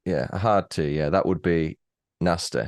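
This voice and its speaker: A man's voice: low-pitched, steady tone, normal speed, dry recording, clean studio sound. A man in his thirties with a British accent, talking bluntly and teasing as a guest in a casual chat, swearing freely. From Britain. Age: 30s. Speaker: podcast guest.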